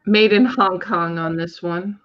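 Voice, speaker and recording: A woman's voice: on the low side, fairly even intonation, a little slow, noisy background. A woman co-hosting a live sale, reading out makers and years of items and thinking aloud as she goes. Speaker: co-host showing auction items. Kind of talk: casual live-stream item descriptions. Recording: dull lo-fi sound.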